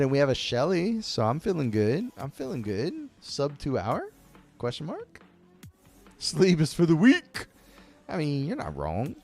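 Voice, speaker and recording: A man streaming a card game live, reacting loudly to each play, swearing freely and talking to his chat. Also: medium pitch. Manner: excitable, swears a lot, talks to chat. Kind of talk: live-stream gameplay commentary.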